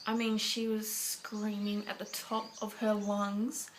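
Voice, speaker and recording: A woman's voice: mid-range voice, monotone, slow, slight background noise. An Australian woman chatting casually to camera as a parenting vlogger, rambling along with lots of fillers.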